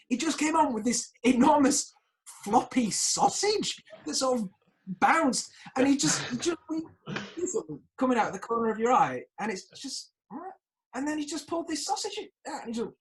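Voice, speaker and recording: A man's voice: high voice, poor audio. A man hosting a casual podcast chat, telling theatre stories animatedly and laughing often. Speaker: podcast host.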